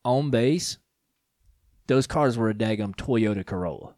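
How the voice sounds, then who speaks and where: A man's voice: fairly low pitch, lively intonation, unhurried, darkish tone, dry recording, studio quality. A man co-hosting a casual podcast chat, joking and rambling through stories. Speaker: podcast co-host.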